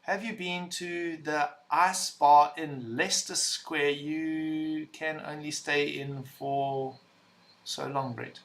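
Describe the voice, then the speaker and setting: A young man hosting a casual livestream, reading chat messages aloud, loud and rambling, laughing and swearing as he talks. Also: fairly high pitch, steady tone, slow. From visitor to the UK.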